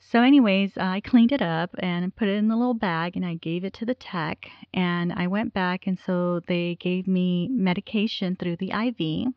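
A woman's voice: fairly low pitch, moderate pace, hardly any pauses, no room sound. Woman, forties, candid rambling storyteller, dead dry room, lo-fi muffled sound. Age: 40s. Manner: candid, rambling, many "you know" fillers. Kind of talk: personal storytelling.

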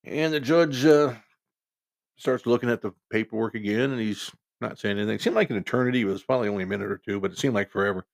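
A man's voice: lowish voice, fast talker, vocal fry, no echo, studio quality. A man with a cold, telling a personal story in a rambling, folksy way as a podcast host. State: has a cold. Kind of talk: casual storytelling.

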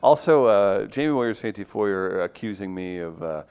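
Easygoing teasing podcast co-host. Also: male voice, on the low side, animated, normal speed, clear, resonant tone, muffled recording. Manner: easygoing, teasing, many fillers. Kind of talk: casual chat.

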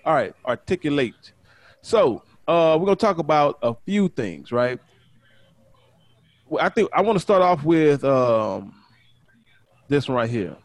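A man hosting a casual podcast chat, talking quickly and excitedly, often repeating words as he goes. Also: on the high side, no room sound. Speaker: podcast host.

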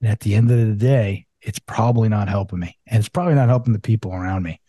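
A man in casual podcast conversation, talking openly with plenty of filler words and swearing. His voice is mellow and dark. The sound is dry and close. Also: fairly low pitch, quick pace, husky, no room sound. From United States. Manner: candid, swears freely, many fillers. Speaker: podcast guest.

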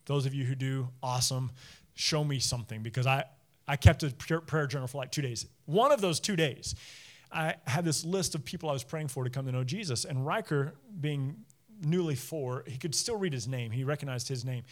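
A pastor in his thirties or forties talks at a fairly quick pace in a medium-pitched voice. His church sermon unfolds as chatty storytelling from his own life, punctuated by frequent laughs.

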